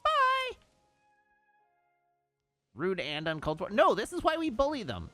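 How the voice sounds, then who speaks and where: A man's voice: sits high, wildly swooping pitch, quick pace, fairly bright tone, soft background music. A man streaming a video game, playfully teasing and reading chat messages aloud in casual commentary. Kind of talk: casual let's-play commentary.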